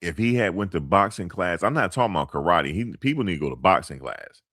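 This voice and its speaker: Middle-aged man, very low voice, dry close mic, loose slang-heavy monologue full of restarts. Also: bright, forceful tone, dry recording. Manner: loose, rambling, street slang with many fillers and restarts. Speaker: commentator. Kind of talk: casual storytelling monologue.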